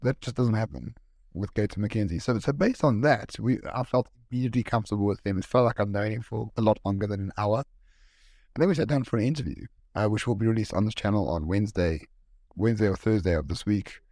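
A man co-hosting a podcast, with a voice that sits somewhat low. He rambles eagerly in casual chat, his talk peppered with "like." The recording is dry and close. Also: quick pace, darkish tone, no echo. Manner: enthusiastic, rambling, many "like"s. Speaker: podcast co-host.

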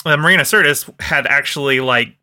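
A man's voice: on the high side, brisk, pushed and bright, clear, resonant tone. A man co-hosting a casual podcast chat, playful and acting out quotes. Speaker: podcast co-host.

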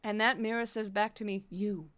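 A woman's voice: mid-range voice, steady tone, normal speed, a bit bright, no echo, close to an everyday voice. A woman voicing a self-obsessed, grandiose female politician as a comic impression, with a self-important manner. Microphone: close podcast mic with a sound wall.

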